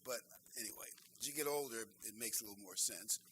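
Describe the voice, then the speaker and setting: An older man preaching a sermon, earnest and emphatic, slowing down to stress key phrases. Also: on the low side, pushed and bright, a little hiss or hum, rough recording.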